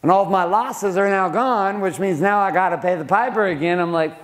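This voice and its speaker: The voice is high-pitched and brisk: a middle-aged man lecturing a room of men on business. His motivational delivery is blunt and laced with swearing, and he repeatedly puts questions to the audience.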